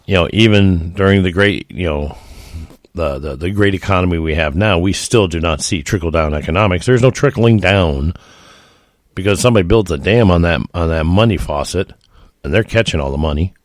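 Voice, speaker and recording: A man's voice: deep voice, fairly quick, no room sound, clean studio sound. A man giving an opinionated solo commentary, folksy and emphatic, often calling his listeners folks.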